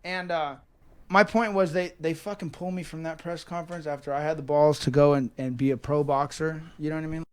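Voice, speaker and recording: A man in his thirties from Northern California gives a documentary interview in a fairly high voice. He rambles and swears, restarting sentences and circling back on his own words as he works through his thoughts. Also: fairly even intonation, a little fast, clear, resonant tone. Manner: rambling, profane, many restarts and repeats. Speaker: professional fighter.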